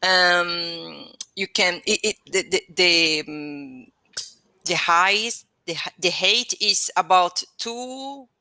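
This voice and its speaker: A woman with a Portuguese accent talks slowly and haltingly over a video call, hunting for English words and restarting her sentences. Her voice is bright and fairly low. The sound is dry and close. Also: dry recording. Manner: hesitant, searching for words, many restarts. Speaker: English student. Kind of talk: online English lesson conversation.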